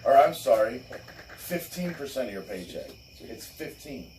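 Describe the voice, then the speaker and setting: A man hosting a loose late-night chat, ranting bluntly and cursing freely. His voice sits at an ordinary pitch. He is a little far from the mic, with faint crickets behind. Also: sing-song, normal speed, darkish tone, slight background noise. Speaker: show host. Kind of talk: casual crude podcast chat.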